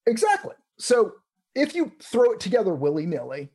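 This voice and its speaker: A man's voice: high voice, huge pitch swings, moderate pace, darkish tone, breathy edge. A man hosting a casual tech chat, rambling with restarts and fillers. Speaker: podcast host.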